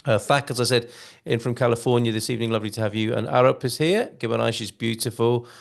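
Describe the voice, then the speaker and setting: A man's voice: medium pitch, fairly even intonation, fast talker, gravelly. A male live-stream host reading out viewer comments in a chatty, jokey way, with many fillers and hesitations.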